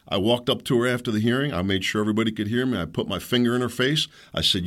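Hosting his own show, a middle-aged man rants through a story in a heated, indignant monologue, mocking others with put-on voices. His mid-range voice races along with few pauses and a slightly bright edge.

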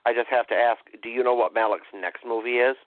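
A man's voice: medium pitch, fairly even intonation, fast talker, no echo. A man in a casual podcast chat who talks thoughtfully and hesitantly, with many ums. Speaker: podcast co-host. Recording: dry tinny phone line.

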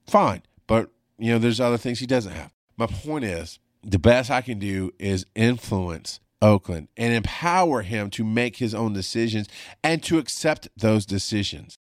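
Frank, low-voiced man talking candidly. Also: no room sound, clean studio sound. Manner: frank, emphatic, swears freely. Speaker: podcast host and paramedic. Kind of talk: candid podcast monologue. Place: home studio. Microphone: studio mic on a video call.

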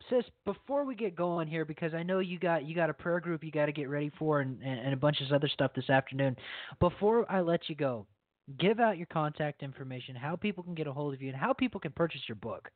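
A man's voice: fairly high pitch, expressive, brisk, no room sound. A male show host with an enthusiastic, preacher-like way of addressing his listeners, heard over a phone-like line. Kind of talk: preacher-style show hosting. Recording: tinny phone-like line, dry.

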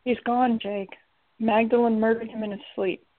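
A woman's voice: a little high, flat delivery, normal speed, close to an everyday voice. A woman voicing a loyal, somber male companion who speaks solemnly and steadily. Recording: tinny lo-fi recording.

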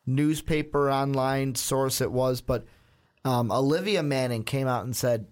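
A man's voice: medium pitch, unhurried. A man hosting a casual sports podcast, rambling through anecdotes with quoted asides. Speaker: podcast host.

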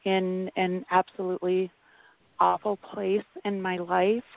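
A Wisconsin woman in her forties calls in to a radio show over a dry, tinny phone line with no room sound. Her fairly low, creaky voice stays level and a little slow as she rambles hesitantly, full of fillers and restarts.

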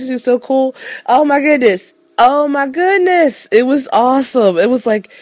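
A woman giving a casual, gushing recap of a TV episode, excitable and sleepy, repeating herself as she talks. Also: medium pitch, no echo. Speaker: podcast contributor.

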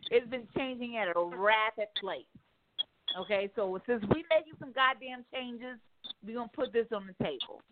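A woman's voice: medium pitch, no echo. Woman talk host, emphatic, casual, cursing freely; dry, tinny phone-quality sound. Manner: animated, emphatic, profane, acts out quotes. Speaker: radio talk show host.

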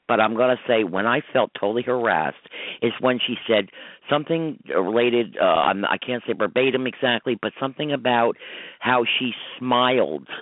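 A man's voice: medium pitch, dry recording. A middle-aged man hosting a call-in radio show as a psychic medium, talking in an emphatic, rambling, upset way. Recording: dry tinny phone-line audio.

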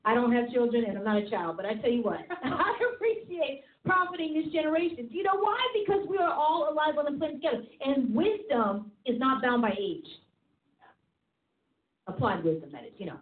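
A woman hosting a faith talk show, preaching in an animated, fired-up way and laughing often. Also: sits high, brisk. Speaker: host and preacher. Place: office studio. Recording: tinny phone-like sound in an echoey room.

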